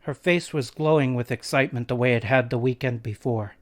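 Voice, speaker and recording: Guy reading a spooky book aloud, soft low narration. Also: a little fast. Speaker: reader. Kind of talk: audiobook narration.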